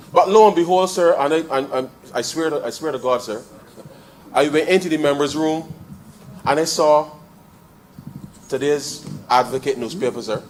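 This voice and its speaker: A man giving a parliamentary debate speech in the chamber, addressing the chair with a steady "sir" and building to emphatic rises. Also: on the high side, measured pace, long pauses, slight background noise, low-quality recording. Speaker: member of parliament.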